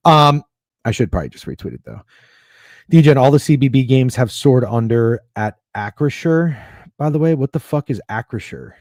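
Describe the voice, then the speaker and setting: A man with a mid-range voice hosts a casual sports betting livestream, talking at a moderate pace and swearing freely as he rambles through games and bets. He sounds profane, rambling and excitable, and the recording is dry.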